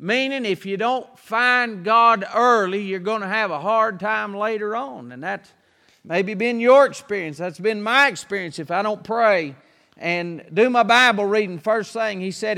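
A man preaching a sermon, reading scripture aloud and slowing down, louder, on the verses. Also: high-pitched, gravelly, long reverb tail.

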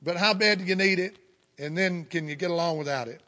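A middle-aged man with a Southern US accent preaches a sermon in a high, brisk voice that sounds bright and forceful. He tells folksy stories and breaks in with fervent praise and amens.

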